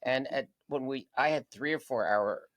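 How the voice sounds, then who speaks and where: A man chatting as a guest on a local TV talk show, telling anecdotes with lively energy. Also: mid-range voice, moderate pace. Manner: animated anecdotal storyteller. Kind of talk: casual chat, storytelling. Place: local TV studio.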